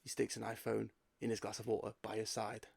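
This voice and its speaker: Gravelly man spinning a tale. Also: on the low side, completely flat delivery, brisk, a little mellow, no room sound. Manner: spins playful storytelling scenes. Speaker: podcast co-host. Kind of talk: casual group chat.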